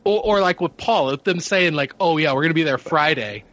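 A man's voice: a little high, brisk, fairly bright tone, dry recording. A man co-hosting a podcast, blunt and swearing as he gives advice in casual chat.

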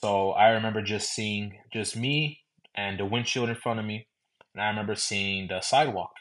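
Young male host from San Antonio, lowish voice, loose conversational storytelling. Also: normal speed, fairly bright tone. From San Antonio, Texas. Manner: loose, conversational, repeating "I remember". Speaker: podcast host. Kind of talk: personal storytelling.

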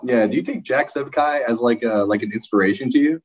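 A young man hosting a podcast, excitable and loose, swearing as he chats. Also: mid-range voice, quick pace, husky. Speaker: podcast host. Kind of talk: casual podcast chat.

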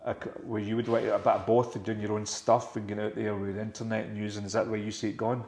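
A man's voice: on the low side, flat delivery, fast, vocal fry, darkish tone. A man hosting a casual interview, rambling through his questions and swearing freely. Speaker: podcast host. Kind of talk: casual chat. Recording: echoey room.

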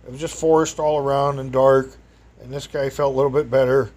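A man's voice: mid-range voice, steady tone, a little fast, darkish tone. A man telling a rambling personal anecdote to an audience, chatty and meandering, breaking into exclamations and chuckles. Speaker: storyteller.

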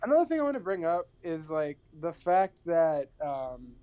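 A man's voice: on the high side, big pitch swings, moderate pace, dark tone, clear, resonant tone. A man co-hosting a podcast, talking about a film casually and hesitantly, with a lot of fillers. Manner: hesitant, many fillers, agreeable. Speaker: podcast co-host.

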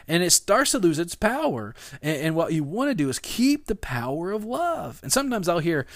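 Animated, conversational male preacher. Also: fairly high pitch, moderate pace, no echo, studio quality. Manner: conversational, animated, with frequent fillers. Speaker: pastor. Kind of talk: sermon.

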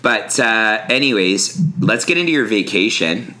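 A man's voice: on the low side, expressive, measured pace, sharp tone. A young man from Canada co-hosting a casual podcast, joking and laughing often. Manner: joking, laughs often, drinks while talking. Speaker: podcast co-host.

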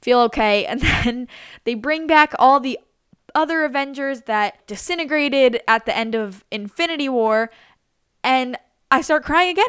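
A woman's voice: fairly high pitch, a bit bright, clear, resonant tone, no room sound, clean studio sound. A woman of twenty-three chatting casually and gushing about what she has watched, full of "like" and "literally". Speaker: vlogger. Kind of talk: casual chat.

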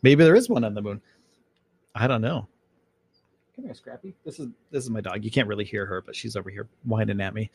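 Male podcast host, gravelly voice, casual rambling chat, lots of fillers. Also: lowish voice, expressive, brisk, long pauses, dry recording. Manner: rambling, loose and chatty with many fillers.

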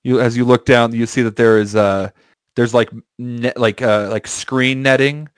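A man's voice: mid-range voice, steady tone, normal speed, clean tone, no room sound. Playful young man spinning a silly story. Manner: rambling, playful, laughs often, repeats and restarts. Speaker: podcast co-host telling a story. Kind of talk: casual comedic chat, improvised storytelling.

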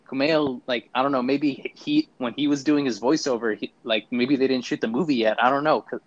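A man's voice: medium pitch, steady tone, fairly quick, dull audio. A man co-hosting a podcast, giving a casual, sarcastic movie review and acting out mocking quotes. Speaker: podcast co-host.

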